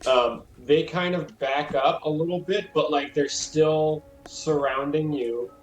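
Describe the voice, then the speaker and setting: Rambling young game master, roomy sound. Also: male voice, a little high, fairly even intonation, slow pace. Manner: rambling, full of "like" and fillers. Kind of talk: narrating a tabletop game. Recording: roomy sound with faint music.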